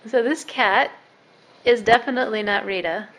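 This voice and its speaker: A woman's voice: a little high, normal speed, fairly bright tone, rough recording. A woman filming her young son at home, narrating and coaxing him and a cat in a sing-song voice. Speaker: mother filming her child. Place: at home with a couch.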